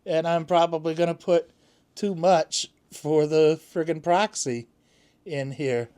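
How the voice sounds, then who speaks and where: Laid-back guy rambling to camera at home, slow talker, clear smooth voice. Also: on the high side, steady tone, dark tone. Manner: rambling with many fillers and restarts. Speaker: vlogger. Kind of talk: casual chat to camera.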